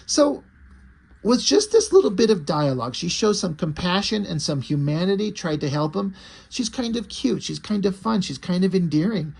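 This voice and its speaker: A man's voice: sits high, lively intonation, moderate pace, gravelly, darkish tone, slightly rough. A man casually retelling and reviewing a graphic novel, enthusiastic and loose, with the occasional swear. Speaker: comic book reviewer.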